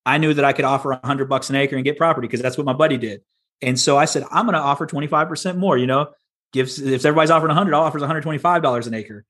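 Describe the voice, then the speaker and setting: A man's voice: a little high, very fast. A man, a podcast guest telling his business story in a plainspoken, folksy way. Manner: folksy, plainspoken, animated retelling. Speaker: podcast guest, land investor. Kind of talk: casual storytelling interview.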